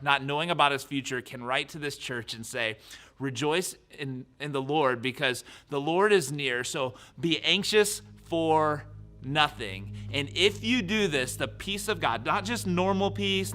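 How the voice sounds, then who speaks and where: Pastor guy preaching, bright clear voice, goes loud then real soft. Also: on the high side, measured pace, faint music behind. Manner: animated preaching that drops to soft whispers. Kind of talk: sermon.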